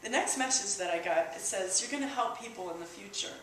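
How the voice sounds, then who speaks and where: A woman sharing a personal testimony at church, in a halting, emotional way with many restarts. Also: medium pitch, lively intonation. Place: church hall. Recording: echoey hall, distant mic, faint hiss.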